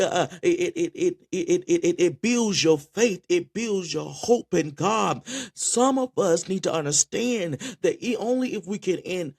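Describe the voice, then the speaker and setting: Impassioned preacher man, fairly high voice. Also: darkish tone. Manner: impassioned, repeats words in quick restarts. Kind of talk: spoken sermon.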